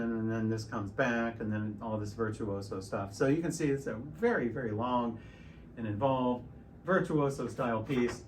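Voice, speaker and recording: A middle-aged man teaching piano in a relaxed, explanatory way, stopping and restarting often. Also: mid-range voice, slight background noise. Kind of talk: casual piano tutorial. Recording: piano loud in the background.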